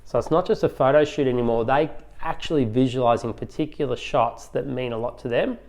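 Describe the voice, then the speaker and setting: A man talking through his studio's consultation steps in a relaxed, conversational way. His voice sits at an everyday middle pitch. Now and then he slips into short snippets of client dialogue. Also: brisk. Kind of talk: instructional talk.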